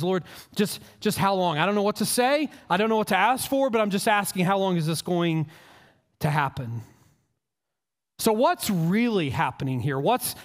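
A man's voice: sits high, in a large hall. A male pastor preaching a sermon in an earnest, conversational way, often repeating words as he restarts.

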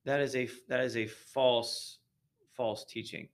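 A man talking earnestly about faith in a relaxed podcast conversation, often repeating words as he thinks. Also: medium pitch, a little slow, vocal fry. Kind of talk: casual religious discussion.

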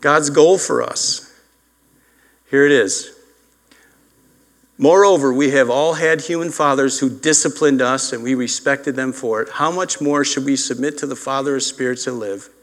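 A man's voice: medium pitch, normal speed. Older guy preaching, storytelling sermon, does little voices for people in his stories. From upstate New York. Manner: storytelling, acts out voices in quotes. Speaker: pastor.

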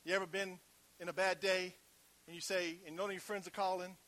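A male pastor preaching a sermon, shifting between loud emphatic calls and hushed, near-whispered passages, with conversational call-and-response asides to the congregation. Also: high-pitched, level tone, brisk.

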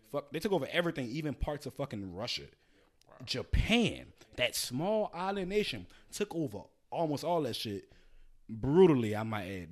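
Loud, animated, profane podcast host man. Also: mid-range voice. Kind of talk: casual podcast banter.

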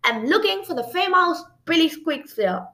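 A woman's voice: very high voice, animated, normal speed, bright, forceful tone, pitched above the performer's own voice, full character voice. A woman reading the part of a haughty male rodent messenger with a pompous manner.

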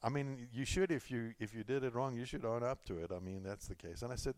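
A middle-aged pastor from California delivers a sermon in a relaxed, chatty style, weaving in stories, asides, and repeated phrases. His voice sits in the mid range with a slightly mellow quality, and he talks quickly with barely any pauses. The recording is dry.

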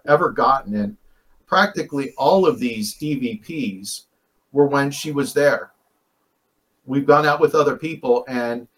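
A man of middling pitch talks as a guest on a paranormal talk show, wandering through his story in loose, restarting sentences. He leans on fillers and drops the odd curse without a second thought. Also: fairly bright tone, poor audio. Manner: rambling, many fillers and restarts, blunt swearing. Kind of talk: casual storytelling on a call-in show.

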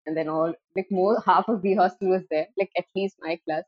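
A young woman co-hosting a casual podcast, telling an animated story and laughing while quoting herself. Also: fairly low pitch, fairly quick, breathy edge, no echo, dull audio, faint music behind. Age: young adult. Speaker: podcast co-host.

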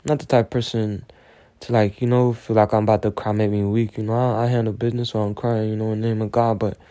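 A man rambles through a personal monologue, loose and full of slang. He sounds close to tears, and his voice is mellow and dark. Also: lowish voice, little pitch movement, quick pace. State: on the verge of tears. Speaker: solo show host.

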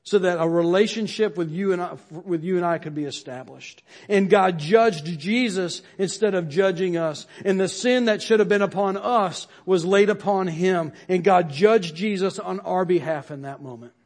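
A man with a fairly high voice delivers a sermon to his congregation. He speaks earnestly, repeats phrases for emphasis, and lets his voice sink at the close of each line. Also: moderate pace, hardly any pauses, darkish tone. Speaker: pastor.

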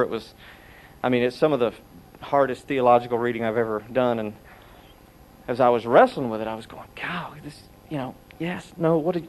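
A middle-aged man preaching a sermon, telling stories and acting out the voices he quotes. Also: mid-range voice. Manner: animated storytelling, acts out quotes.

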